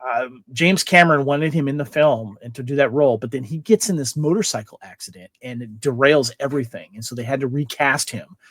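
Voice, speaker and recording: A man's voice: medium pitch, brisk, hardly any pauses, a bit bright, dry recording. A man co-hosting a casual fan podcast, rambling through trivia with many fillers and restarts. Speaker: podcast co-host.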